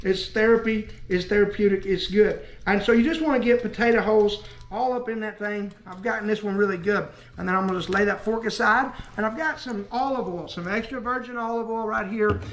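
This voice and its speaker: A man's voice: high-pitched, a little fast, reverberant, a little hiss or hum. A man chatting folksily as he demonstrates cooking in his home kitchen, joking as he goes. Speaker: cooking vlogger and preacher.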